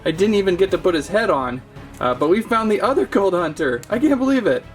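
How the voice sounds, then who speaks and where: A man's voice: sits high, very animated, fairly quick, soft background music. A man hosting a casual toy unboxing, talking in a playful, jokey, mock-serious way. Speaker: toy channel host.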